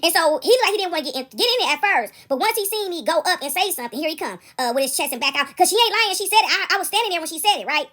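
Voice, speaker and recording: A young woman spins a casual story straight to her audience, her voice high and bright. She talks fast, swings all over her pitch range, and laughs along the way. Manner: animated, laughs often, talks to the audience directly.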